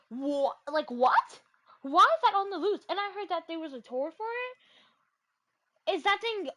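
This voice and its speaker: A woman's voice: very high-pitched, fairly bright tone. A woman vlogger ranting casually and animatedly, packing her talk with "like" fillers and exasperated asides.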